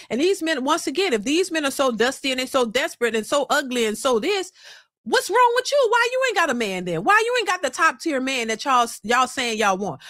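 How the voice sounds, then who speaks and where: A woman's voice: high voice, a bit bright, no room sound. Emphatic woman reaction host, dry sound. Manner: emphatic, repetitive, rhetorical questions. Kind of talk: opinionated commentary.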